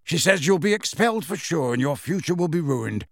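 A man voicing a wry, teasing grown man in an audiobook reading, delivered with lively intonation. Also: a little high, fairly quick, dry recording, clean studio sound, pitched above the performer's own voice. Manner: teasing, self-assured.

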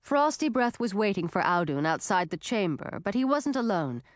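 A woman narrating a fantasy audiobook in a clear, even storytelling voice on a close mic. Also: medium pitch, normal speed, no room sound.

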